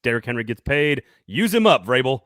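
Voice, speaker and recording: A man co-hosts a sports talk show in a casual, jokey way. His voice sits at an average pitch and sounds dry and close. He laughs often and hypes his co-host. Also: sing-song, fairly quick, fairly bright tone, no echo. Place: Nashville studio.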